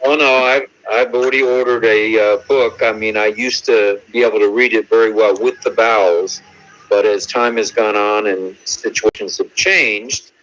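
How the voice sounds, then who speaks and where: A man on a casual group call, speaking in a measured, hesitant way. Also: lowish voice, steady tone, fairly bright tone, muffled recording. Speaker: participant.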